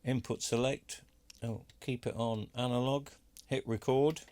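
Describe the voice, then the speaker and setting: A man's voice: mid-range voice, fairly even intonation, unhurried, darkish tone, dry recording. Chatty man, dry close sound. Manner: chatty, self-deprecating, cheeky asides. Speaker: electronics repair video maker. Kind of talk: casual demo talk to camera.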